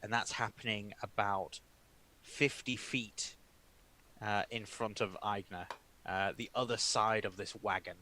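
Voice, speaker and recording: A man's voice: lowish voice, fairly even intonation, measured pace, sharp tone, a little hiss or hum. A man narrating a tabletop game as dungeon master, describing scenes with many filler sounds.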